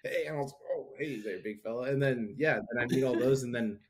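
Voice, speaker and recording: A man in his thirties co-hosts a podcast, telling a story in a loose, animated way and acting out the people he quotes. His voice is medium-pitched and fairly quick, with a little hiss or hum in the audio, and the talk is casual chat.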